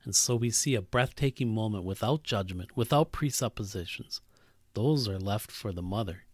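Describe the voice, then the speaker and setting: A male pastor preaching, reading a story aloud and voicing its characters, earnest and dropping to a soft hush at tender moments. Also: normal speed, no echo, clean studio sound. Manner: reads a story aloud, voicing characters with big pitch jumps. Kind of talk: sermon with read-aloud story.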